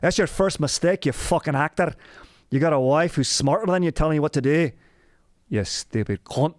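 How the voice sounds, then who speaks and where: In a mock Scottish accent, a man plays an angry Scotsman berating a would-be actor, shouting, swearing, and dripping with scorn. His natural, unprocessed voice is pitched fairly high, above his own usual register, at a moderate pace in a clean studio recording with no room sound.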